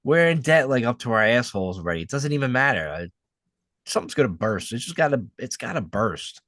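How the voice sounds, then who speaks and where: A man's voice: mid-range voice, sing-song, fairly quick, a bit bright, no echo. American guy on a podcast, blunt and sweary, fired up, dry mic. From United States. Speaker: podcast co-host. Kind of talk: casual chat.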